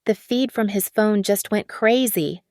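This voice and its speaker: Woman as a brisk hacker ally. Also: medium pitch, darkish tone, no echo, clean studio sound, close to an everyday voice.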